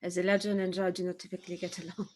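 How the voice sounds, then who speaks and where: A woman's voice: lowish voice, flat delivery, very fast, darkish tone. Woman player asking questions. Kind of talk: tabletop game chat.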